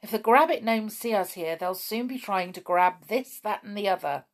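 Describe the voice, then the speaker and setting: A woman voicing a nervous but clever male pixie in a children's story, brisk and knowing. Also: medium pitch, natural voice.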